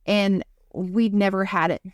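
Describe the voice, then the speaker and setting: A woman's voice: mid-range voice, steady tone, unhurried, no echo, dull audio. A young adult woman, a podcast co-host, telling a story in casual chat and filling it with lots of "like". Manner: rambling, heavy use of "like" fillers.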